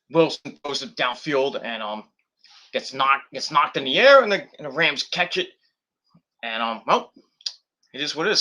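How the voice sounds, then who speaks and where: A man's voice: mid-range voice, bright, forceful tone. A man casually reviewing wrestling on a live stream, rambling and swearing, with lots of fillers and restarts.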